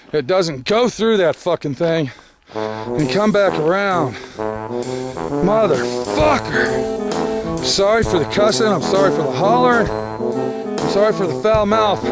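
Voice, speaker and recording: A man vlogging a long hike outdoors, tired, grumbling, cursing constantly and sighing heavily, recorded on a handheld camera. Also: on the high side. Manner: profane, grumbling, frequent heavy sighs. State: tired and weary. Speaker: hiker filming his trek. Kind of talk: casual vlog narration. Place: outdoors on a canyon trail.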